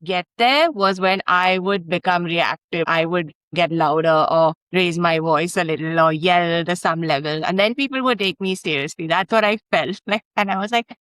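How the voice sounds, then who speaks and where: A woman's voice: lowish voice, moderate pace, hardly any pauses, clean tone, no echo, poor audio. A woman talking in a casual conversation, thoughtful and searching, often saying "like" as she works out her thoughts. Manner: thoughtful and searching, lots of "like" fillers, soft laughs.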